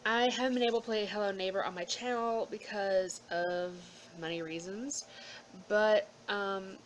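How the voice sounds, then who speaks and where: A woman vlogger rambles through a casual channel update in a voice of middling pitch. She sounds emotional and close to tears, often slipping into a hushed whisper. Faint room ambience hums behind her. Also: steady tone, normal speed, a little hiss or hum, poor audio. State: holding back tears. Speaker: YouTuber.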